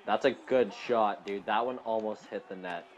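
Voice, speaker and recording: A young man playing a hockey video game with a friend, trading excited play calls, laughing and shouting. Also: fairly low pitch, normal speed. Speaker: gamer. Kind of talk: casual game commentary. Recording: dull lo-fi recording.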